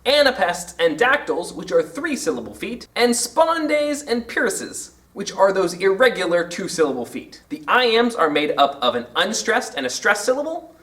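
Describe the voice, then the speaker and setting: A man hosting a literature lesson to camera, explaining in an animated way and tapping out rhythms aloud. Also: high voice, normal speed, recorded from a distance. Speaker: teacher and channel host.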